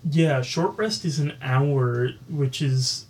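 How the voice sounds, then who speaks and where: A man acting as dungeon master, narrating scenes and settling rules in a calm, matter-of-fact way. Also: medium pitch, slow pace, slight background noise. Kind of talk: narrating a tabletop game.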